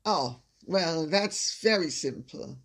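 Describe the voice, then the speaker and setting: An older woman with a Jamaican accent, answering viewer questions in a measured, assured casual chat. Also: fairly low pitch, animated, fairly bright tone.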